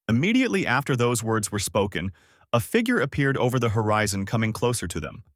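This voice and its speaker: A man narrating a fan-made story aloud in a plain, steady way. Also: fairly low pitch, fast, dry recording, clean studio sound. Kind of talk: reading fan fiction aloud.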